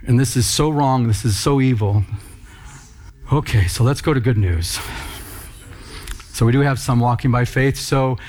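A man's voice: mid-range voice, normal speed, pauses often, darkish tone, slight background noise. A man preaching a sermon in church, talking conversationally and with emphasis, calling out to the congregation. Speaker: pastor.

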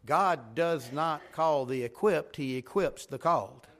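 A man's voice: fairly high pitch, a little slow, fairly bright tone. A man preaching a revival sermon as pastor in a church sanctuary, emphatic, swelling and dropping in intensity.

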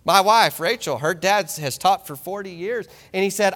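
A man in his thirties preaching a sermon in a church, animated and joking with the congregation. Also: sits high, normal speed, hardly any pauses. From small ranching town. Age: 30s. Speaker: pastor. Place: church sanctuary. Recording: long reverb of a church hall.

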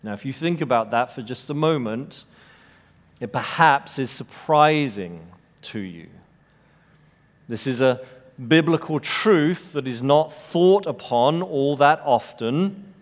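A man preaching an expository sermon, measured and emphatic, rising to bold peaks and dropping to hushed lows. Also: animated. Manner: measured, emphatic delivery with dramatic rises and hushed drops. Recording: long reverb of a large hall.

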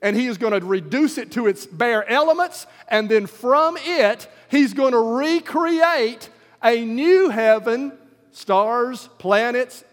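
A man's voice: extremely high pitch, in a large hall. A man preaching a sermon in an emphatic style that rises to fervor.

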